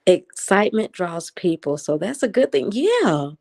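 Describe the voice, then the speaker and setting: A woman hosts a relaxed late-night livestream from home and answers her viewers' comments as they come in. Her natural speaking voice sounds excited and animated even when she is just chatting. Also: fairly low pitch, unhurried. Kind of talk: casual live chat, reading viewer comments.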